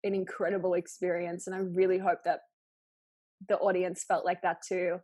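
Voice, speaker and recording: A young Australian woman hosting a podcast, who talks quickly and chattily in a casual conversation, with lots of "like". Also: lowish voice, flat delivery, mellow, breathy edge, no echo. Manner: fast-talking, chatty, full of "like". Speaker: podcast host.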